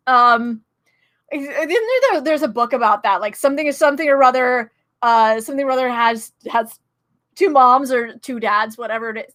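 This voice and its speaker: A woman's voice: high-pitched, lively intonation, moderate pace, bright, forceful tone. A middle-aged woman streamer chatting casually, bubbly and laughing often as she greets her viewers. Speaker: streamer and guest. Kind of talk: casual chat while streaming.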